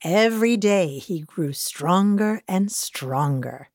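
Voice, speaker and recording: A woman reading a children's picture book aloud with a co-reader, animated and playful. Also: lowish voice, takes it slowly, over music. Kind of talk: children's storybook read-aloud.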